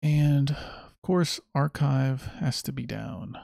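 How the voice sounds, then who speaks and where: A man's voice: medium pitch, slow pace, gravelly, mellow, no room sound, studio quality. A man hosting a podcast monologue, talking in a sardonic, mocking way. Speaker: podcast host. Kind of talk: monologue commentary.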